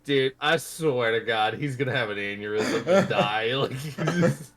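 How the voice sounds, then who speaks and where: A man's voice: mid-range voice, unhurried, a bit bright. A man playing a tabletop game, joking casually with lots of swearing and exasperation. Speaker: player.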